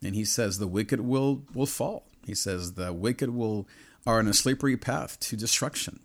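A man's voice: on the low side, moderate pace. A middle-aged man preaching a personal sermon, earnest and repetitive, stacking phrases into building lists.

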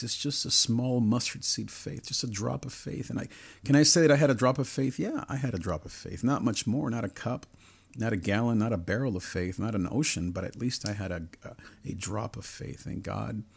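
A man's voice: mid-range voice, vocal fry, husky. A middle-aged man preaching a personal sermon, earnest and repetitive, stacking phrases into building lists.

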